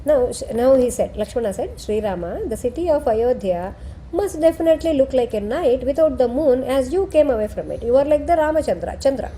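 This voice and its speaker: Lady explaining a scripture story, highish voice, soft dark tone, faint hiss behind. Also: animated, a little fast. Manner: retells and explains, checks in with "okay?" and "right?". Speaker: scripture teacher.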